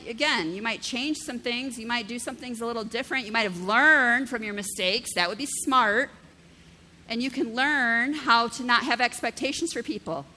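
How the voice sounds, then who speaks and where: Bright-voiced woman pastor preaching. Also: high-pitched, big-room sound. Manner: conversational, keeps asking "right?"; vivid everyday illustrations. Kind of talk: sermon.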